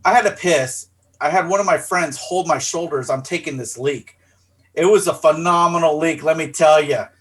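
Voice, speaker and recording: A middle-aged man co-hosting a podcast, telling a rowdy story in a casual, profane and animated way. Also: fairly high pitch, moderate pace, slight background noise. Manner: animated, profane, acts out his own voice in quotes. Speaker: podcast co-host.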